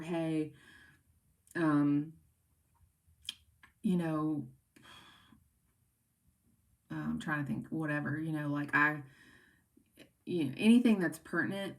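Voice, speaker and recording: Relaxed woman instructor, lower pitch. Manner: relaxed, rambling, many fillers. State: has the hiccups. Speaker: course instructor. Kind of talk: casual recorded class briefing.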